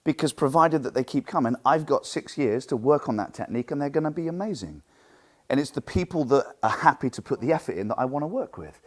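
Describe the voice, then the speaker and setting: A man teaching a coaching seminar for martial arts instructors, lively and animated, acting out what he says to students. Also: mid-range voice, fast talker. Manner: lively, animated, acts out quotes.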